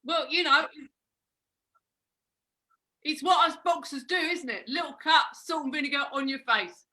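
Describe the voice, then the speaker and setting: A woman's voice: sits high, a little slow, pushed and bright. A woman voicing a blind male boxing coach, improvising comedy over a video call and barking boxing patter. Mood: blokey. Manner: barks boxing patter and count-downs, calls everyone mate. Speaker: improv performer.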